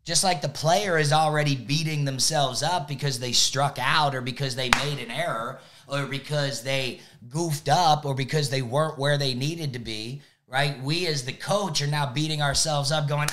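A man who coaches youth sports, giving an energetic motivational talk and checking in with "right?" again and again. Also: on the high side, normal speed, hardly any pauses, slight background noise. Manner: energetic, repeats "right?" often.

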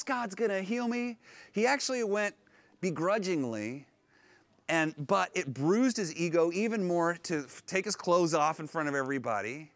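A male pastor preaching a sermon on location, retelling a story in an animated, conversational way. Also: on the high side, no room sound. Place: on location at an ancient synagogue.

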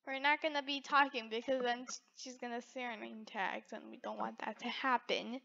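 A woman's voice: on the high side, steady tone, normal speed, creaky, bright, forceful tone, dull audio. A woman giving playful, teasing gameplay commentary with frequent giggles. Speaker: gaming video creator.

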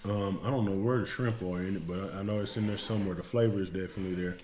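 A man's voice: sits low, steady tone, racing, darkish tone. A man hosting a fishing channel, tasting food on a casual vlog in a home kitchen. He talks in a folksy, emotional way and keeps calling his viewers y'all. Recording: roomy indoor sound with faint background noise.

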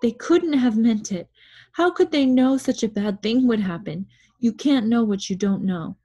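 A woman reading a storybook, voicing an upset young boy who pleads in a raised, husky voice. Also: on the high side, expressive, moderate pace, warm tone, no room sound, dull audio, pitched above the performer's own voice. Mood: pleading.

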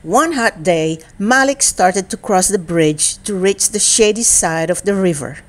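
A woman reading a children's picture book aloud in an expressive storytelling manner. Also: mid-range voice. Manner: slow, expressive and animated reading. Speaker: storybook reader.

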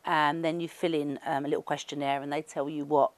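A middle-aged woman with a broad Cockney accent talks in a rambling, easygoing way, full of ums and asides. Her voice sits low for a woman. The sound is dry and close, with no room around it. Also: little pitch movement, a little fast, no room sound. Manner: chatty, rambling, with many fillers. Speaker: interviewee. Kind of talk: casual chat.

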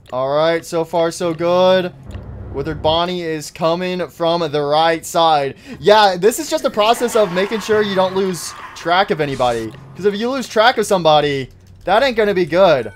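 A man with a fairly high voice narrates his horror game run as it happens, chattering to the characters and shouting when they close in. Faint game music sits low behind him. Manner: excitable, talks to the game characters. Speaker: gaming YouTuber. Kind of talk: live let's-play commentary.

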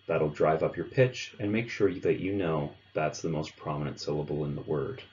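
A man with a very low, deep voice explains pronunciation step by step in a clear, measured way. The recording sounds a little dull and lo-fi. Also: fairly even intonation, darkish tone. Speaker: language teacher. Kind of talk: instructional narration.

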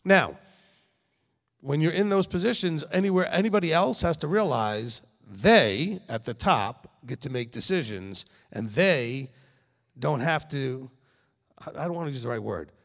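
A man's voice: a little high, measured pace. A middle-aged man, the rabbi who founded the congregation, giving a conversational sermon in an emphatic manner, often checking in with listeners. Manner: animated, emphatic, speaks directly to listeners with frequent "okay?". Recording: long reverb in a hall.

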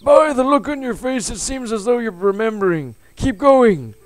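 A man voicing a vague, cryptic old man who guides a lost player, in a higher voice than his own. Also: lively intonation, moderate pace, dry recording. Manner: vague, patient, riddling.

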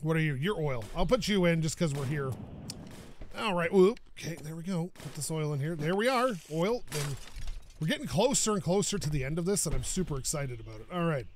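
Man from Canada, high-pitched, congested, chatty let's-play commentary, loud car and game noise behind. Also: lively intonation, brisk. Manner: rambling, chatty, laughs often. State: stuffed-up, coughing from dust. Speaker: gaming YouTuber.

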